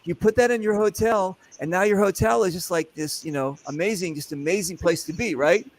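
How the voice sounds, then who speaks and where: High-voiced rambling male host. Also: fairly quick. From California. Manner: rambling, profane storytelling. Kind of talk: casual chat.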